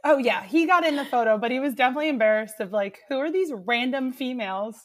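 A young woman chatting casually, telling an animated story and breaking into shrieked cheers as she acts it out. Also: sits high, fast talker. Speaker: guest storyteller. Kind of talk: casual chat.

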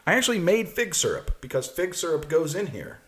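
Man, podcast co-host, casual chat, explains things at length, slightly high pitch, very animated intonation. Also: brisk. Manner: explains at length, laughs often. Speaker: podcast co-host mixing cocktails.

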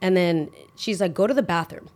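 A woman's voice: on the low side, a little fast. A young woman in her twenties hosting a podcast, telling a casual story and acting out the dialogue with lots of "like". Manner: animated, acts out quoted dialogue, heavy use of "like". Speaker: podcast host.

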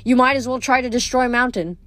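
A woman's voice: fairly high pitch, fast talker, fairly bright tone, pitched above the performer's own voice, natural voice. A woman voicing an imperious goddess queen who speaks in a clipped, commanding way. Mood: scolding.

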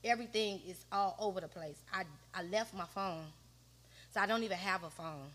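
A woman's voice: medium pitch, brisk, fairly bright tone. A woman guest on a podcast, telling a personal story in a slangy, conversational way. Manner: slangy, conversational, often quoting others.

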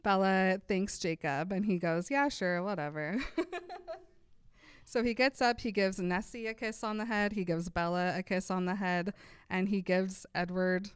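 Smooth-voiced woman recapping with giggles. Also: medium pitch, fairly even intonation, measured pace, no room sound, studio quality. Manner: laughing often while acting out quoted lines. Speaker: podcast co-host. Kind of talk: casual chat retelling a book.

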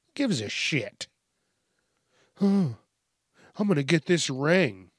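A man rants through a news commentary in a profane, sarcastic, exasperated way, with a beer in hand. His voice sits a little high and his delivery is slow and deliberate. The recording is dry and close. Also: sing-song, dry recording. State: drinking beer. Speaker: host.

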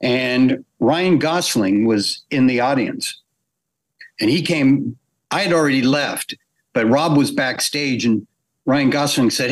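A middle-aged man telling a long, lively anecdote as a guest in a podcast interview, acting out the voices of the people he quotes. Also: medium pitch, slow pace. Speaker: guest animator.

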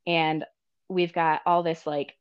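A woman talking as a podcast guest, telling personal stories in an animated, casual way and laughing often. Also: low voice, takes it slowly, smooth, dull audio. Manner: animated, laughs often, acts out quoted people. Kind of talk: casual storytelling chat.

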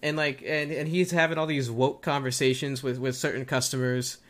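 A man co-hosting a casual comedy chat, telling animated stories and acting out quotes. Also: medium pitch, fairly quick. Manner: animated storytelling with acted-out quotes. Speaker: co-host.

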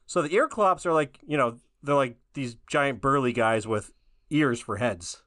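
A man co-hosting a casual podcast, mid-pitched and relaxed. He rambles through the recap with plenty of "like" and loose asides. His voice sounds close and dry, with no room around it. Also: measured pace, dry recording. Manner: laid-back, rambling, says "like" a lot. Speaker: podcast co-host. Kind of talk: casual episode recap chat.

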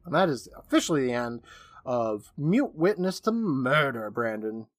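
A man's voice: medium pitch, big pitch swings, moderate pace, dry recording, studio quality. A man co-hosting a podcast, recapping a horror episode in casual chat and laughing often. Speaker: podcast co-host.

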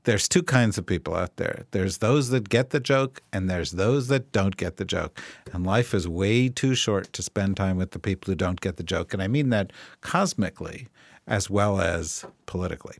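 A man's voice: deep voice, moderate pace, vocal fry, no room sound. A man hosting a political podcast in casual chat, wry and joking, rambling through his points. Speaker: podcast host.

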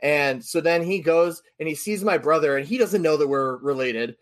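Man, podcast host, casual storytelling, animated, slightly high voice. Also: moderate pace. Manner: animated anecdote-telling with quoted voices.

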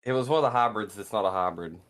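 A man hosting a casual card game podcast, calling on guests for draft picks and reading card effects calmly. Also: on the low side, fast talker, dry recording. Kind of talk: casual chat.

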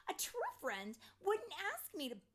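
A woman voicing a young female fairy tinkerer for a storybook, squeaky and eager, bursting out her words. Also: huge pitch swings, fast, full character voice. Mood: angry.

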